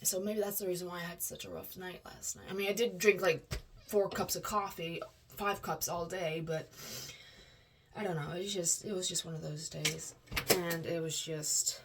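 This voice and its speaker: A woman vlogging to her viewers, reciting affirmations, dropping to hushed murmurs and rising to loud excited bursts, often laughing. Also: on the low side, moderate pace, slight background noise. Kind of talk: personal vlog with affirmations.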